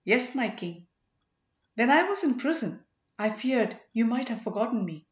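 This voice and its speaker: A loyal, respectful servant, as a woman reads him, answering his master with steady devotion. His lines move with lively pitch in a roomy, slightly muffled recording. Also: normal speed. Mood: earnest. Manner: respectful, deferential.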